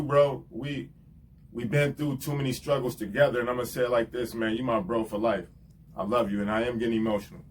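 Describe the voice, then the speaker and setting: A man, a rapper hosting his own show, giving heartfelt, rambling shout-outs in casual slang and often adding "you know what I'm saying". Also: fairly low pitch, distant mic, a little hiss or hum.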